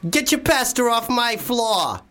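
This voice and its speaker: A man's voice: very high-pitched, big pitch swings, unhurried, sharp tone, pitched above the performer's own voice, exaggerated voice. A man putting on a brash New York accent as a comic bit. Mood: aggressive.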